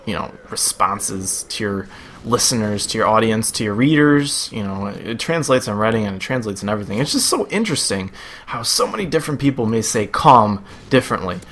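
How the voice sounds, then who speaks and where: A man's voice: fairly low pitch, animated, brisk, fairly bright tone. A young man with a Buffalo, New York accent giving casual, rambling video game commentary in a chatty, self-amused way. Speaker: gameplay commentator.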